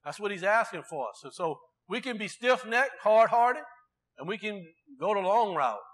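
A man's voice: sits high, animated, moderate pace, fairly bright tone. A man preaching a sermon in a conversational way, asking the congregation rhetorical questions.

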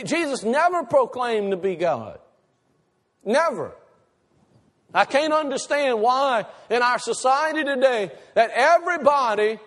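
Guy preaching, real high voice, hammers points home and quizzes the crowd. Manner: emphatic, asks the congregation questions, repeats key lines slowly. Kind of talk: sermon.

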